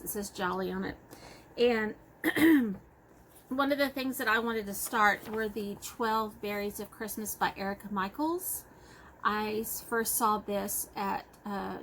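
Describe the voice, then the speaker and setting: A woman's voice: medium pitch, fairly bright tone, poor audio. Woman, Texas accent, casual show-and-tell chat, rambling, self-correcting, faint background noise. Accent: Texan. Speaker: cross-stitch vlogger.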